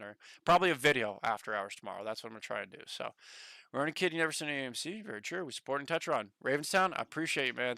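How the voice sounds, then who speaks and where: A man casually chatting on a stock market livestream, excitable, swearing now and then and reading the chat aloud. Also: mid-range voice, no echo.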